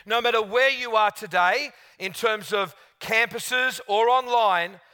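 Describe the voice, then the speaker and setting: A male pastor gives a sermon in a high, bright voice. His delivery is chatty and lively, full of little restarts as he tells his stories. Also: a little slow, clean tone.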